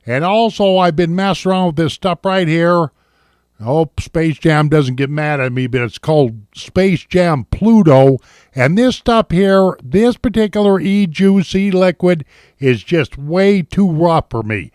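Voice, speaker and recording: "Ladies and gentlemen," says this folksy Montana vlogger as he rambles through a casual vape gear review at home on his webcam. His voice is a little high, clear and resonant, animated, with a measured pace.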